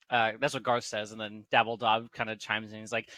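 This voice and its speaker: A man's voice: medium pitch, flat delivery, a little fast, bright, forceful tone, no room sound. A man running a tabletop game as game master, narrating casually with lots of fillers.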